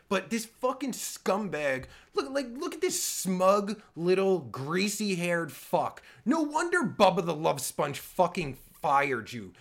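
A man's voice: high-pitched, fairly bright tone. A man reacting to a recording of his own interview, swearing heavily and ranting in exasperation. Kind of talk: angry reaction commentary.

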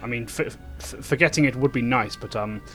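A man's voice: medium pitch, fairly quick, fairly bright tone, faint music behind. A man playing his character in a tabletop game, speaking in a formal, polite way with frequent stammers. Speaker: player. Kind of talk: in-character role-play.

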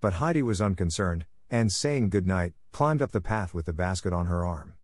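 A low-pitched man narrates an audiobook with a steady, measured reading. The audio is studio quality with no room sound.

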